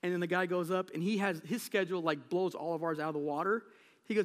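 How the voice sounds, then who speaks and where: A man preaching a sermon as pastor of a church, talking in a relaxed, conversational way and telling stories from everyday life. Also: high voice, quick pace. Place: church sanctuary. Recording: long reverb of a large hall.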